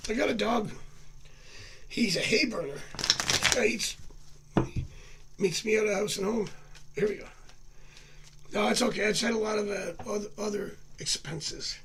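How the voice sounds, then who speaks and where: Male tarot reader, high gravelly voice, rambling chatty live-stream delivery. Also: a little hiss or hum. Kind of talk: casual live-stream reading. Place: home.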